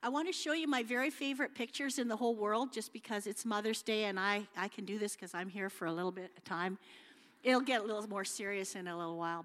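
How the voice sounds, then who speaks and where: A middle-aged woman giving an informal church talk with slides, chatty and homely, with many fillers and restarts. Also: a little high. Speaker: guest speaker at church. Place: church hall. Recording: long hall reverb.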